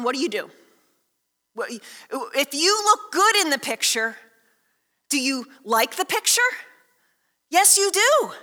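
A woman pastor preaching a sermon in a conversational, lively storytelling way with many asides. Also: high-pitched, big-room sound.

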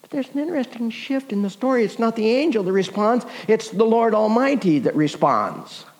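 High-voiced male preacher, animated sermon storytelling, long hall reverb. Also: fairly quick. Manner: animated, questions the audience often.

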